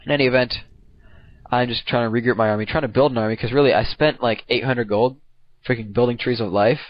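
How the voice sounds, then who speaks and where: A man's voice: mid-range voice, fairly even intonation, fast, dull audio. A young man casually commenting on his own game replay, rambling, slangy and profane.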